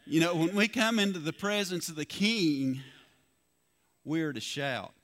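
A man preaching a sermon, folksy and lively, asking the congregation rhetorical questions. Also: a little high, unhurried. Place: church.

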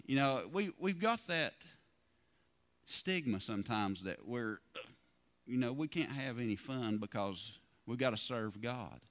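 A man's voice: mid-range voice, lively intonation, a little slow, a bit bright. Man, preacher, folksy sermon, rhetorical questions, church.

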